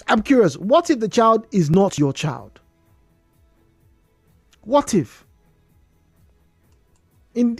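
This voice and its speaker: Nigerian woman, radio talk host, expressive storyteller, dry studio sound with faint music under. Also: mid-range voice, no echo. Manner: animated storyteller, emphatic repetitions. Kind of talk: radio call-in talk show. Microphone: studio microphone.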